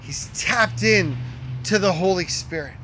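High-voiced middle-aged man preaching. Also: measured pace, slight background noise. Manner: emphatic, repeats key lines, drops to a hush for quoted words. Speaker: pastor. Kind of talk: sermon.

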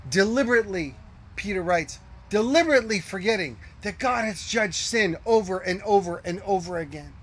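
Male pastor, high voice, earnest sermon delivery, hushes for emphasis. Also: lively intonation, normal speed. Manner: earnest preaching with rhetorical questions, drops to hushed tones.

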